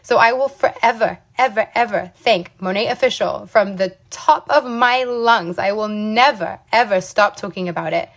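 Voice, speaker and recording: Woman in her 30s talking straight to camera, fired up and motivational, keeps saying okay and you guys, mid pitch voice. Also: moderate pace, hardly any pauses, a bit bright, highs cut off. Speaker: business owner sharing her story. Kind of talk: casual motivational talk to camera.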